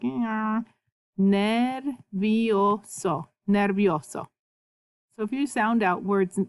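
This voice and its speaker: A Spanish teacher records a video lesson, patiently and slowly repeating words so learners can copy her pronunciation. Her voice is medium-pitched, and there's no room sound.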